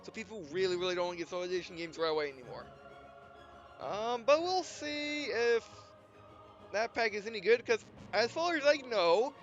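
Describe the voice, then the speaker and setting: A young man hosting a let's play, out of breath and rambling with halting restarts as he talks through a game. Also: high voice, expressive, a bit bright. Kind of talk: casual gameplay commentary. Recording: dull lo-fi mic with faint game music.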